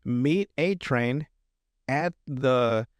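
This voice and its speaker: Speaking very slowly at a medium pitch, this podcast host gives a casual recap of a TV episode. His rambling is full of fillers and restarts, and he laughs a lot. It's a dry, studio-quality recording.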